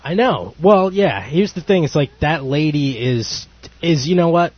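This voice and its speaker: A man co-hosting a comedy radio show, jokey and animated, often laughing. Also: a little high, unhurried, breathy edge, no echo, highs cut off. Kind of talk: casual comedic radio banter.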